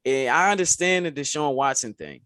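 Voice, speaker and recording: A man co-hosting a podcast, chatting casually and excitedly about sports, saying "bro" often. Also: medium pitch, moderate pace, no echo, studio quality. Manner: animated, says "bro" often. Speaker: podcast co-host.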